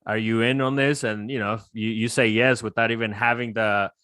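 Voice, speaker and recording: A man's voice: lowish voice, fairly even intonation, normal speed, sharp tone, no echo, clean studio sound. A man hosting a podcast interview, earnestly sharing motivational views and asking long questions. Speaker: podcast host. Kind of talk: interview host, casual conversation.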